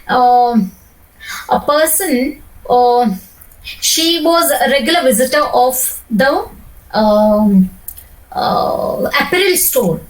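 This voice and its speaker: A high-pitched, middle-aged woman coaches a student through interview preparation. She explains patiently, stresses key words and restarts her sentences often. Her voice sounds a little distant from the microphone. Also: lively intonation, takes it slowly, long pauses. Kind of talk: one-on-one coaching session.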